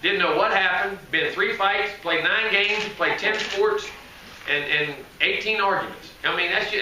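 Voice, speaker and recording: Man, head coach at a presser, folksy, rambling, self-correcting; sharp bright tone, heard from afar in an echoey room. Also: high-pitched, recorded from a distance, a little hiss or hum. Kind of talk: press conference answers. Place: media day press room.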